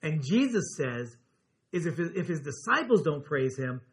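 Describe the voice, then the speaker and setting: Male pastor, high for a man, earnest sermon delivery, lingers on key words. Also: very animated. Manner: earnest, slows and drops his voice on key words.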